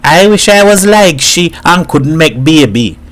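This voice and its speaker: A man's voice: fairly high pitch, expressive, measured pace, fairly bright tone, pitched above the performer's own voice. A man voicing a blunt, world-weary plump woman neighbor in a story reading. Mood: wry.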